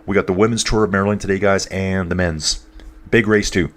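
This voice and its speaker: With a very low voice and a slightly blocked nose, a man keeps up relaxed commentary on a live race, working in comments from viewers. His intonation is fairly even, his delivery brisk and a bit bright.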